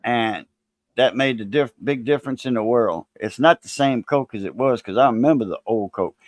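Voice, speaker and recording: A man's voice: mid-range voice, moderate pace, no room sound, studio quality. A man hosting a livestream, rambling in a folksy, casual way and greeting viewers. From Louisiana. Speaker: livestream host.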